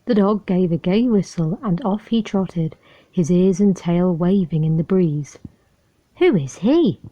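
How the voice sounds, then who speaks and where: A woman reads a children's storybook aloud in a calm, friendly voice. Her pace is very slow and her tone is low, soft and mellow. The recording sounds muffled and lo-fi. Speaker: storybook reader.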